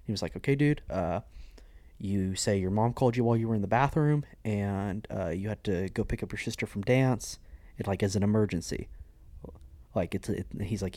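A man's voice: lowish voice, fairly quick, no room sound. A young adult man, co-host of a podcast, telling a story in casual chat and acting out the voices of the people in it. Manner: animated storyteller who acts out quoted voices.

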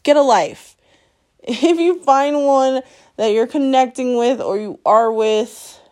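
A woman's voice: high voice, takes it slowly, a little mellow. A woman hosting her own podcast, ranting bluntly and profanely at her listeners, scolding them and laughing between lines. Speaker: podcast host. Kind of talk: solo podcast rant.

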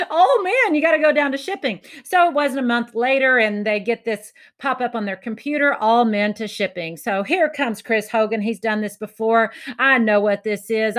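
A woman giving a motivational talk to educators, telling a story with lively acted-out quotes and laughter at her own punchlines. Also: on the high side. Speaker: education speaker.

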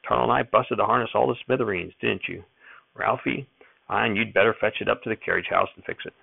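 A man's voice: fairly low pitch, fast, vocal fry, slightly rough, no room sound, exaggerated voice. A man putting on a cranky old farmer grandpa. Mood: grumbling. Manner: snapping, bossy, rustic country dialect. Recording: tinny phone-like audio.

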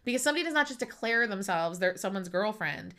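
A woman's voice: mid-range voice, expressive, quick pace, a bit bright. A woman co-hosting a podcast in casual recap chat, opinionated and swearing freely. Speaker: podcast co-host.

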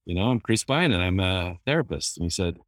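A therapist chats casually, a man with a somewhat low voice who drifts through anecdotes with easy fillers. The sound is dry and close, with no room around it. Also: lively intonation, brisk, no room sound. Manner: easygoing, anecdotal, many fillers. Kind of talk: casual storytelling.

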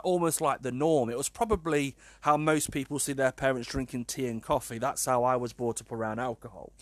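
A man's voice: mid-range voice, fairly bright tone, no echo. A British man, around his thirties, tells a personal story in a rambling, self-deprecating way, full of "um" and "kind of". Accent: British English.

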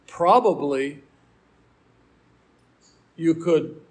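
Higher-voiced man teaching a sermon. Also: lively intonation, extremely slow. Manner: earnest, explanatory Bible teaching. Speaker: preacher.

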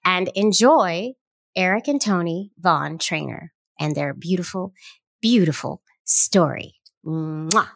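A podcast host, a woman with a lowish, gravelly voice, conducts an enthusiastic interview at a slow pace. She's bubbly and effusive, speaking close to the mic, with no echo in the sound.

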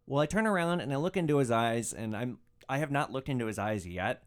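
A man's voice: mid-range voice, lively intonation, brisk. A man hosting a podcast, telling a story in a casual, wry way, full of "like" and asides.

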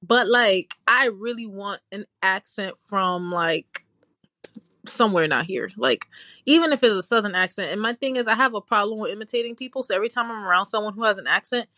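Woman co-host, casual podcast banter, animated, mid-pitched, dry close sound. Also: fairly quick, dry recording. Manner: chatty, animated storytelling with playful voice imitations. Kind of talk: casual chat.

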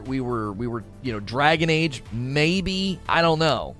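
Man streaming, casual chat, lively ups and downs in pitch, rambling storyteller, faint music behind. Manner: chatty, rambling storyteller, reads chat aloud.

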